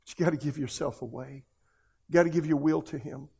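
A man's voice: on the high side, steady tone, fairly quick, gravelly, darkish tone, breathy edge. A man, preaching a sermon as a pastor and pleading earnestly with his listeners in an emotional altar call.

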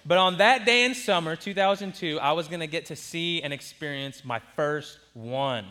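High-voiced young man telling a story. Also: normal speed. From Southern California. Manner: animated, acts out quoted voices. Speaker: preacher. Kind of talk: storytelling sermon.

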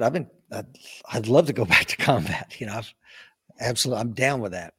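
Man, interview guest, animated storytelling, voices the people he quotes, mid-pitched. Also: a little fast, breathy edge. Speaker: interview guest, retired Marine officer.

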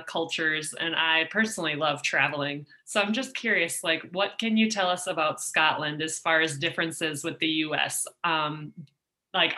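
Low-voiced bright woman host. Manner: curious, friendly questioning. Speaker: podcast host. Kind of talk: interview questions.

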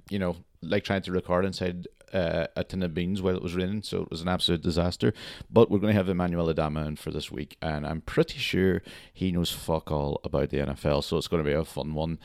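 A man hosting a podcast in casual chat, a bit under the weather, talking in a laid-back monotone and swearing casually, recorded indoors at a friend's house. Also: sits low, brisk, creaky, no echo, clean studio sound. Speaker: podcast host.

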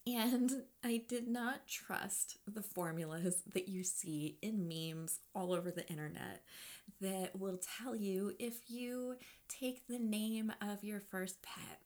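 A woman hosting a podcast, telling a personal story in a chatty, confiding way, with playful asides and soft whispered moments. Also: mid-range voice, takes it slowly. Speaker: podcast host.

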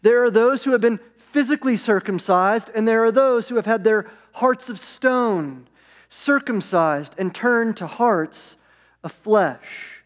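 A man preaching a sermon as pastor, emphatic, stressing words in slow phrases. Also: high voice, in a large hall.

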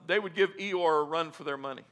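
A man preaching a sermon, reading scripture aloud and rising to fervent, loud appeals with calls of amen. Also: on the high side, brisk. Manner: calls for congregation responses and says amen. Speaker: pastor.

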